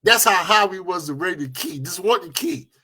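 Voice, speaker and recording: Man, husky, sharp bright tone, excitable guest. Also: high-pitched, a little fast. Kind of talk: casual chat.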